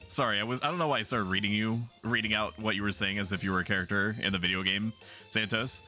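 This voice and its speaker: A man's voice: lowish voice, animated, quick pace, sharp tone, soft background music. A man streaming a game, chatting playfully and bawdily with his viewers in a teasing, casual way. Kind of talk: casual gaming commentary.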